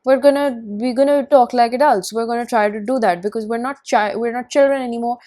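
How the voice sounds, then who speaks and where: A woman's voice: fairly high pitch, brisk, warm tone. A woman giving a tarot card reading, talking emphatically and repeating phrases for stress. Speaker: tarot reader.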